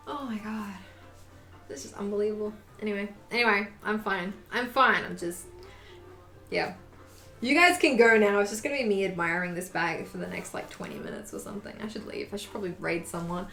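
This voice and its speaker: A woman's voice: mid-range voice, moderate pace, fairly bright tone. A young woman streaming her sewing, gushing over a bag she just finished and swearing casually as she talks. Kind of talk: casual live-stream chat while sewing. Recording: echoey room, faint music. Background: faint music.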